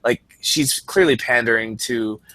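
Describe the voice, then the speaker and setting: A man's voice: mid-range voice, a little slow, a bit bright, no room sound. A man co-hosting a podcast in casual chat, giving opinionated rants. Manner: opinionated, ranting. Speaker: podcast co-host.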